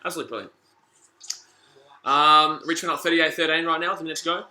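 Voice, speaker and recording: An Australian man hosts a live sports stream, mixing play-by-play calls with casual chat to his viewers. His voice sits a little high and sounds very bright and forceful, and he gets excitable, repeating phrases as the action unfolds. The sound has the echo of a bare room. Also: quick pace. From Gold Coast, Australia. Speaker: live-stream sports watch-along host.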